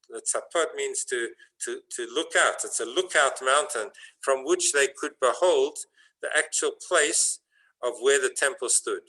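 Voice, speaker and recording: A man giving a sermon as a rabbi, telling a story and building to fervent emphasis, with some halting restarts. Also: mid-range voice, bright, forceful tone, low-quality recording.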